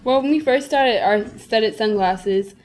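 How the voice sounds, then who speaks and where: A woman's voice: fairly high pitch, a little slow, darkish tone. Enthusiastic young woman guest. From Minnesota. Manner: enthusiastic, uses many fillers. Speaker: guest, eyewear designer. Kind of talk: casual podcast interview.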